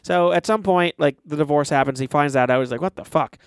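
A man's voice: a little high, fast, clean tone, dry recording. A young man chatting casually, retelling a movie with lots of swearing and acted-out quotes. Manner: animated, swears often, acts out quotes.

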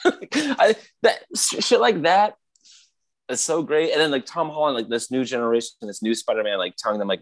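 A man in casual chat, retelling scenes excitedly with frequent laughter. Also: a little high, fairly quick.

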